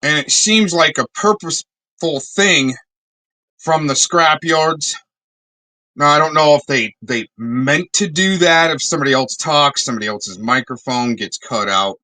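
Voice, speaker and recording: A man speaks in a measured, sarcastic tone in a played-back video commentary. His voice sits a little high and sounds very bright and edgy. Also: animated, rough recording.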